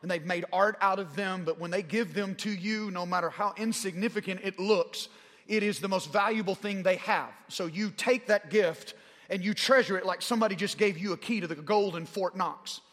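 A man's voice: normal speed, a bit bright. A man in his forties from Arkansas with a Southern drawl, telling a story in a sermon and growing fervent as he goes. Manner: rising in pitch and volume as he gets fervent. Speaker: pastor. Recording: long hall reverb.

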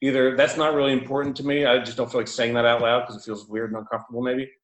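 A man tells a story in a casual, animated way, laughing now and then and leaning on fillers. His voice sits at a middle pitch. A roomy echo surrounds him. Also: rapid-fire.

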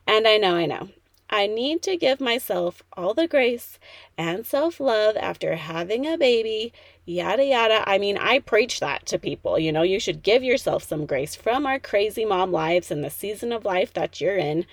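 A woman's voice: mid-range voice, lively intonation, moderate pace, no echo. A woman in her thirties hosting a motivational podcast, talking in a peppy, chatty way straight to the listener. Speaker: podcast host.

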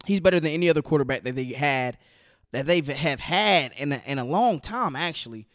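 A man with a high-pitched voice talks through football trades in a loose, opinionated monologue. He gets animated and slangy as he makes his case. The recording is dry and close, with no room sound. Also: a little fast, dry recording. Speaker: sports commentator. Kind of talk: casual sports opinion talk.

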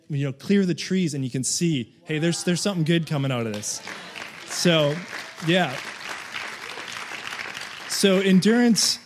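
A man's voice: a little high, a little mellow. Chatty man giving a casual sermon. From Canada. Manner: conversational, loose and chatty with frequent fillers.

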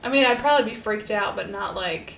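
A woman's voice: medium pitch, brisk, creaky, a bit bright. A woman co-hosting a casual true-crime podcast, telling a case in an upbeat, chatty way with lots of fillers. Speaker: podcast co-host and storyteller. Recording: roomy echo with faint hiss.

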